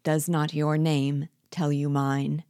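A woman reading aloud and voicing a sinister, vengeful male dwarf sorcerer in a slow, mocking, menacing way. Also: low voice, flat delivery, mellow, dry recording, studio quality.

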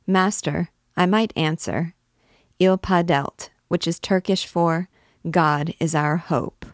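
A woman's voice: no room sound, studio quality. A woman reading aloud and voicing a fretful, talkative male poet in a classic novel, anxious and pleading. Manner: excitable, pleading, quick and higher. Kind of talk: audiobook character reading.

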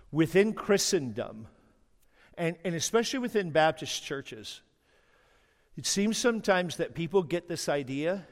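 A middle-aged male pastor preaches with humorous, animated storytelling, teasing his congregation as he goes. His voice sits a little high for a man. It carries a long reverb from the church sanctuary. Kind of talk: sermon.

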